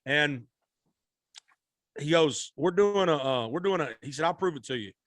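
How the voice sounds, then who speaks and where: A man's voice: on the high side, animated, moderate pace, a bit bright, no echo. A man, a musician guest telling a rambling, folksy story in a podcast interview. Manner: rambling, repeats and restarts, Southern-style folksy speech.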